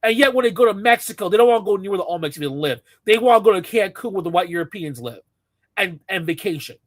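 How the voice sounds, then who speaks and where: Man, high voice, angry profane rant, dry close recording. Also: animated, fast talker, no echo. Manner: profane, ranting, scornful. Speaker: commentator reacting to a clip. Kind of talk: angry reaction commentary.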